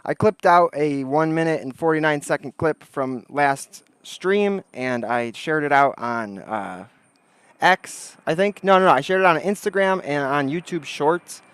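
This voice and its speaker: New guy rambling on his outdoor livestream, smooth clear voice, dry sound. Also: on the high side, measured pace, fairly bright tone, dry recording. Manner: rambling, greets chat, thinks aloud. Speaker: livestream host. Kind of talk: casual livestream chat. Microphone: desk microphone.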